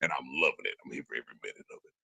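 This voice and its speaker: Bright-voiced co-host man, emphatic. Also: extremely low pitch, expressive, racing, gravelly, breathy edge, no room sound. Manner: emphatic, repeats phrases for punch. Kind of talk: casual chat.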